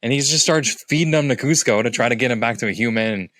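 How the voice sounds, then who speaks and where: Man, podcast co-host, animated retelling, dry close mic. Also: fast talker, no room sound. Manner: animated, acts out quoted lines in higher voices. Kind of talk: casual movie review chat.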